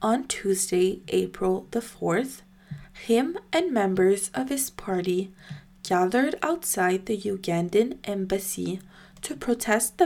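A woman hosts a news podcast and reads her scripted recap at an unhurried, deliberate pace. Her voice sits in a middle pitch, and she stays careful and even throughout. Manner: measured, careful reading.

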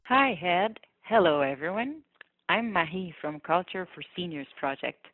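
A woman's voice: on the low side, lively intonation, a little slow, slight background noise. A woman from a community project giving a formal, earnest greeting on a radio show. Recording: dry tinny phone-like line.

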